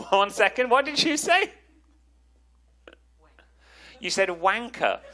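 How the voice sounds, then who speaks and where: Man, English accent, stand-up comedian, self-mocking crowd work, bright sharp tone. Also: high voice, sing-song. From England. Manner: quick, teasing and self-mocking. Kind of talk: crowd work and freestyle rap. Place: comedy club stage. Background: music under the rap.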